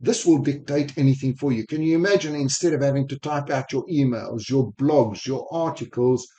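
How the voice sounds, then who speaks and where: A sales technology speaker walks through software in a screen recording, using a desk microphone. His medium-pitched, mellow voice carries a blended South African-American accent mixing South African, Spanish and American influences, and his tutorial delivery is quick, eager, and enthusiastic.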